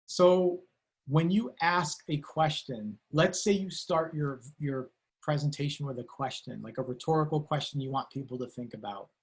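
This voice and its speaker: A man lectures students over a video call in a loose, conversational way, with a voice pitched a little high. He rambles, restarts his sentences and fills pauses with "um" and "like". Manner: casual, rambling, frequent fillers and self-corrections. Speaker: university lecturer. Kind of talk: online lecture.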